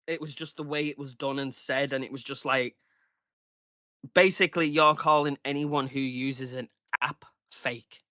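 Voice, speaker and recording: Ranting man in his thirties, bright voice. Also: mid-range voice, fairly even intonation, moderate pace, no echo, clean studio sound. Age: 30s. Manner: heated, ranting, swears freely. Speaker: podcast guest. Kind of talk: casual podcast chat.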